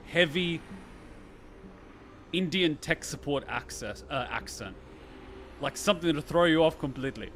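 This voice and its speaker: A man giving casual reaction commentary on a game, excitable, joking and profane. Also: fairly high pitch, unhurried, pauses often, slight background noise.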